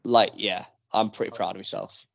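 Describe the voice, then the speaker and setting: A man's voice: fairly low pitch, steady tone, moderate pace, vocal fry, a bit bright, dry recording. A man hosting a podcast, chatting casually and rambling through plenty of fillers. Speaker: podcast host. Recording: dull, dry lo-fi recording.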